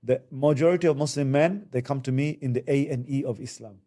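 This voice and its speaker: Male counsellor, conversational podcast delivery, mimics others in raised voices. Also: fast talker. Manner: animated, acts out quotes with high voices. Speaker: Islamic family counsellor.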